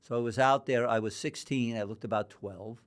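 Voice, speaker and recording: A man's voice: mid-range voice, fairly even intonation, moderate pace. An older man from New York, a guest in a podcast interview, telling long rambling anecdotes and acting out the dialogue. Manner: rambling anecdotal storyteller, acts out quoted dialogue. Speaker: guest, boxing historian.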